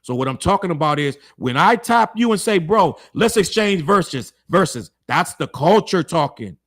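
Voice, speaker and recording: A man's voice: fairly high pitch, sing-song, normal speed, fairly bright tone. Blunt, heated man giving his hot take. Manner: blunt, heated, slangy, repeats points for emphasis. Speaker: show host. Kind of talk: opinionated commentary to camera.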